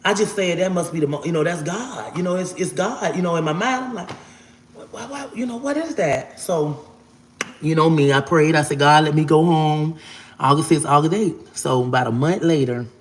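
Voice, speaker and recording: A woman's voice: sits low, normal speed. A woman in her forties telling a personal story straight to her viewers, talking emphatically and swearing oaths to God as she goes. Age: 40s. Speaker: storyteller vlogger. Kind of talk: casual storytime monologue. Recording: echoey room.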